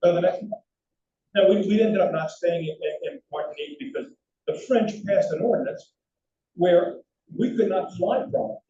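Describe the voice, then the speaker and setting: An older man lectures with slides in a high voice at a moderate pace, with a little hiss or hum audible. His storytelling is animated and full of restarted sentences, and the hall sound is roomy, distant and dull.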